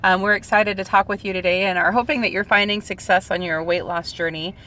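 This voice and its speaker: A woman's voice: mid-range voice, fairly even intonation, a little fast, a bit bright. A woman co-hosting a casual podcast, telling a personal story in a candid, self-deprecating way. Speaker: podcast co-host.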